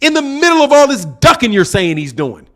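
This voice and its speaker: High-pitched heated man ranting. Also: very animated, a little fast, fairly bright tone. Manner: argumentative, profane, repeats points for emphasis. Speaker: boxing channel host. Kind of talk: heated opinion rant.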